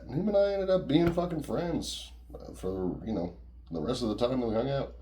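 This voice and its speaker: A man's voice: medium pitch, lively intonation, brisk, dark tone. A man casually telling a personal story in a rambling, profane, conversational way.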